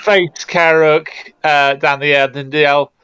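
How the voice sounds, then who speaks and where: A man playing a tabletop game, chatty and quick to laugh. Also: fairly high pitch, fairly even intonation, sharp tone, smooth. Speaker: player. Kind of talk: casual tabletop play.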